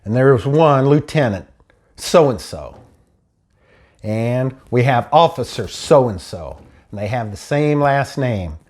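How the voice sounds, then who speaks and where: A man's voice: mid-range voice, animated, slow pace, a little mellow. A man casually telling a personal story, acting out what each person said in turn. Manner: acts out dialogue, quoting each person in turn. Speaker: storyteller recounting his stolen car. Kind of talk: casual spoken anecdote.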